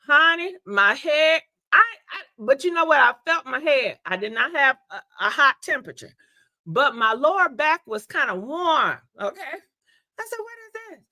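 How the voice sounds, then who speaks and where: A woman talking casually to her livestream viewers, calling them y'all and honey and laughing a lot. Her voice sits high and bright, roughened by a congested throat from being sick. The sound is close and dry. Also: moderate pace, no room sound. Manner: chatty, animated, laughs often, addresses viewers as y'all and honey. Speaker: livestream host.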